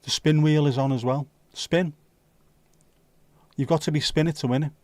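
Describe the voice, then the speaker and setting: A man hosting a livestream, chatting casually with viewers and cracking sweary jokes and quick asides. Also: fairly high pitch, fairly even intonation, a little mellow, no echo. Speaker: livestream host. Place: home livestream setup.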